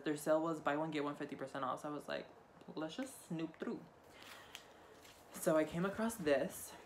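This haul vlogger is a young man who's had a few drinks, chatting through his shopping finds with campy, foul-mouthed, wandering remarks. His slightly high voice carries vocal fry, and there's faint hiss or hum on the track.

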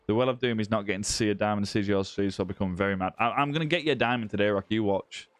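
A man's voice: lowish voice, racing, no room sound. Chatty man hosting a game stream. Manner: chatty, friendly, greets viewers with "mate". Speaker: live-stream gaming host. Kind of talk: casual live-stream chat reading viewer comments. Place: indoor room with ring light.

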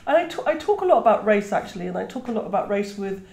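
This woman talks rapid-fire and very animatedly, her mid-range voice creaky and darkish. A Trinidad-born guest author in her fifties who speaks British English, she's reflective in this conversational interview, with frequent restarts and "you know." The recording sounds roomy and echoey.

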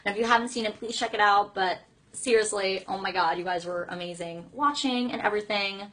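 A woman's voice: medium pitch, a little fast, a bit bright. A young woman in her twenties chatting casually with fans on a livestream, bubbly and gushing. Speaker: singer on a fan livestream.

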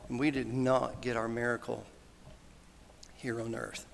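A man's voice: medium pitch, flat delivery, unhurried, vocal fry. A man giving a funeral sermon, earnest and folksy, quoting scripture. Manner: earnest, folksy, quotes scripture and others with rising emotion. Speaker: minister giving a funeral eulogy. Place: church hall. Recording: hall reverb, faint background noise.

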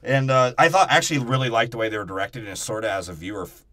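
A man co-hosting a podcast, chatting casually about a movie, animated and profane, laughing often. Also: medium pitch, rapid-fire. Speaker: podcast co-host.

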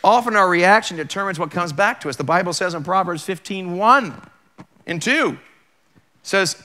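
Bright-voiced man preaching conversationally. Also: high-pitched, animated, normal speed. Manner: conversational and emphatic, full of rhetorical questions. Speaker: pastor. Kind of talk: sermon. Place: church.

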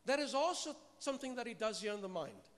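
A man preaching a sermon to a live congregation, lively and humorous, often asking the people questions. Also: very high-pitched, quick pace. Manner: lively, asks the congregation questions, mixes humour with scripture. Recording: long reverb of a large hall.

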